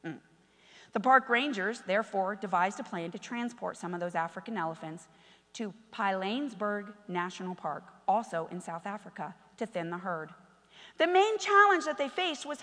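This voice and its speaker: A woman pastor preaching a passionate sermon that swings between loud exhortation and quiet storytelling. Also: medium pitch, lively intonation, moderate pace, big-room sound.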